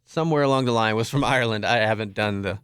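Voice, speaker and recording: A man hosting a podcast interview, upbeat and quick to laugh, recorded on a close studio mic. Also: lowish voice, fairly bright tone, clean tone, dry recording. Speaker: podcast host. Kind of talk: casual interview.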